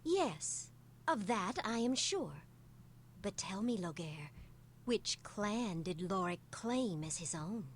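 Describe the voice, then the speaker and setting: An actress voicing a proud, composed female dark elf in a video game, speaking in a cool, challenging way. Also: mid-range voice, animated, takes it slowly, slight background noise.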